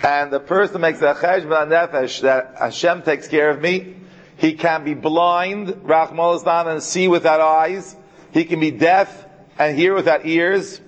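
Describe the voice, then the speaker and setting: A man giving a Torah class in an earnest tone, mixing Hebrew terms into his English and slowing right down to stress key verses. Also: fairly high pitch, lo-fi sound. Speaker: Torah teacher.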